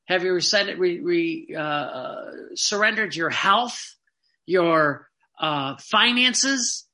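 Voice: mid-range voice, expressive, slow, sharp tone. A preacher giving a sermon, asking the listeners earnest rhetorical questions and telling personal stories with quoted dialogue. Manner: tells personal anecdotes with quoted back-and-forth dialogue.

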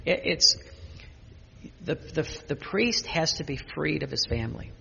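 An older man, a priest, giving an unscripted spiritual talk with personal stories, speaking haltingly with many restarts and fillers. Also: on the high side, big pitch swings, creaky, bright, forceful tone, big-room sound, lo-fi sound, slight background noise.

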